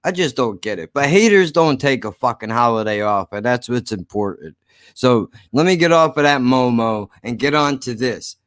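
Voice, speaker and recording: A man's voice: medium pitch, animated, normal speed, fairly bright tone, no room sound, clean studio sound. A man hosting his own podcast, ranting casually with slurred speech and lots of swearing. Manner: slurred, profane, rambling. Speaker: podcast host. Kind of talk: casual rant to listeners.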